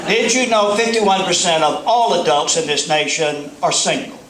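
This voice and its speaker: A man's voice: high-pitched, animated, moderate pace, roomy sound, noisy background. A middle-aged man from the American South with a Southern accent, giving a folksy, joking keynote speech to a live audience. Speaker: motivational speaker. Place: large hall before a live audience.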